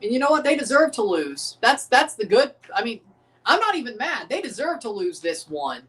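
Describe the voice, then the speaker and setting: A man's voice: extremely high pitch, very animated, normal speed, a bit bright, distant mic. A man hosting a live sports watchalong, ranting profanely and repeating himself. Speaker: livestream watchalong host. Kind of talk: live sports reaction rant. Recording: voice a bit off the mic.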